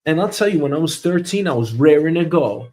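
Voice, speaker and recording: Animated high-voiced man ranting. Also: brisk. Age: 30s. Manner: ranting, sarcastic, swings between loud and muttered. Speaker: host. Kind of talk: comedic news monologue.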